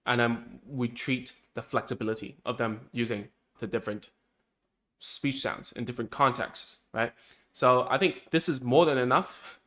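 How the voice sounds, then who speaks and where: A man's voice: medium pitch, steady tone, moderate pace, a bit bright. A speech therapist explaining speech-disorder treatment steps in a casual, conversational way, often tagging lines with "right?" and "man". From Cantonese-speaking Chinese community. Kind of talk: casual teaching talk.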